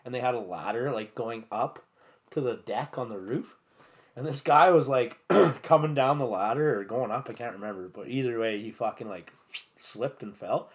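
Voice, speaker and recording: A man's voice: mid-range voice, normal speed. A man casually telling a rowdy campground story on a podcast, swearing constantly and acting out what everyone said with bursts of laughter. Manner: laid-back, swears constantly, acts out quotes with laughter.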